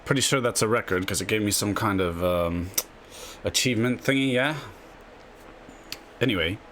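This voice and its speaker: Brief: low-pitched male chess host, offhand and rambling, slight hiss in the background. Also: normal speed, a bit bright. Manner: rambling, tags lines with a questioning "yeah?". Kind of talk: casual screen-share explainer.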